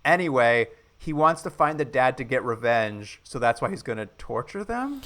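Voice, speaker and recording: Man, mid-pitched voice, casual podcast chat, animated movie recap. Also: moderate pace. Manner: animated retelling, acts out quoted lines. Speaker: podcast co-host.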